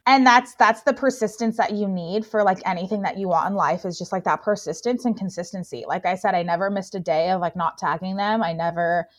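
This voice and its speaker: A woman's voice: mid-range voice, a little fast, few pauses. A young woman, a plus-size model, telling her story in a casual interview, gushing and full of filler words. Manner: gushing, filler-heavy, excitable.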